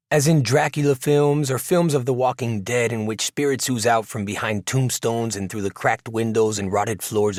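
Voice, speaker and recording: A man narrating a novel in the first person, in a reflective, measured way. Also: on the low side, no room sound, clean studio sound. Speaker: audiobook narrator. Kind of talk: scripted narration.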